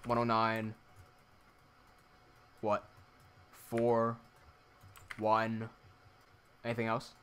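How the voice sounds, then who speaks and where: A man's voice: on the low side, completely flat delivery, drawn-out words, long pauses, a bit bright, clean tone. A man from Hong Kong with an American-sounding accent, chatting casually on a Minecraft livestream and reading viewer messages aloud. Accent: American-sounding English. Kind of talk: casual livestream chat while building.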